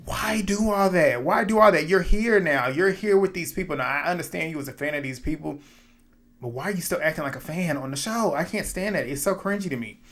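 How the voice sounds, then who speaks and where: A man giving a casual, opinionated recap of a reality show episode, animated, often laughing and swearing. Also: on the high side, fast talker.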